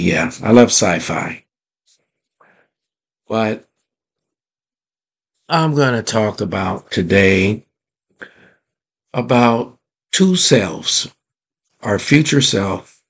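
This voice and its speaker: A male podcast host delivers a motivational monologue in a low, gravelly, slightly husky voice, keeping an unhurried pace. His delivery is deliberate and drawn-out, stretching his words, and he keeps posing rhetorical questions to his listeners.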